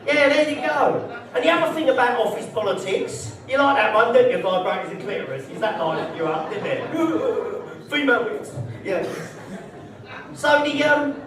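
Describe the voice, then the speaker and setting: A man's voice: very high voice, animated, moderate pace, very echoey, far from the mic, a crowd in the background. A man performing a live stand-up set in a social club, brash, sweary and mocking. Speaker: stand-up comedian. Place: social club comedy night, indoors.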